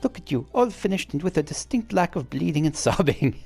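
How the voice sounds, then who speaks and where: A man voicing a shrewd female wildlife overseer with a put-on accent, in a sly, theatrical, drawn-out manner, reading game dialogue during a playthrough. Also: fairly high pitch, sing-song, creaky, mellow, slightly rough, soft background music, pitched above the performer's own voice, full character voice. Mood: lecturing.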